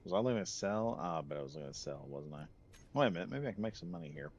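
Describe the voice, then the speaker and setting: Low-voiced man rambling through gameplay. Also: big pitch swings, racing, vocal fry, darkish tone, dull audio, a little hiss or hum. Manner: rambling, chatty, laughs at own tangents. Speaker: game streamer. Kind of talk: casual live gameplay commentary.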